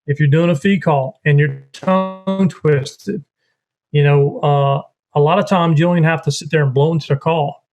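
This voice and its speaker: Casting: man, a bit high-pitched, rambling how-to explainer, casual. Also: fairly even intonation, moderate pace, lo-fi sound, over music. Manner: rambling, repeats steps while explaining. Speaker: duck calling guest. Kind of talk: casual instructional chat.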